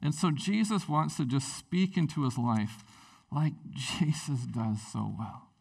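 A man preaching a sermon in a casual, animated way, with lots of fillers. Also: medium pitch, a little slow, vocal fry, recorded from a distance. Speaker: pastor.

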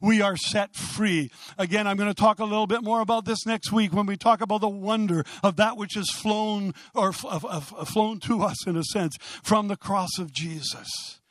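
A man preaching a sermon with impassioned, loud delivery, building to exclamations. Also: sits high, steady tone, normal speed, hardly any pauses, no room sound. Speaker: pastor.

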